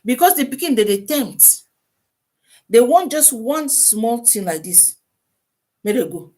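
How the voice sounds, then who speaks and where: Speaking a little slowly in Nigerian Pidgin English, a woman hosts an animated live-stream advice talk, her fairly high voice swinging up and down. She tosses out rhetorical questions and prods her audience with "eh?", sounding casual and lively throughout.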